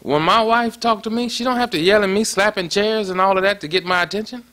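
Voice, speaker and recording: A man's voice: high-pitched, quick pace, bright, forceful tone. A man preaching a sermon in a conversational way, often stopping to ask "you see that?". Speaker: pastor.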